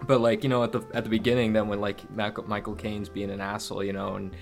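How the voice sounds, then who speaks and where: A man with a lowish voice chatting on a podcast. He rambles and circles back, trips over restarts, and keeps it loose, with faint music somewhere far behind. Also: little pitch movement, fast, vocal fry. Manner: rambling, many fillers and restarts. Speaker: podcast co-host. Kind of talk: casual chat.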